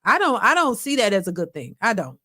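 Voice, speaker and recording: Opinionated woman host, lively pitch. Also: brisk. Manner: blunt, opinionated, repeats herself. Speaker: reaction channel host. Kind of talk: casual commentary on a clip.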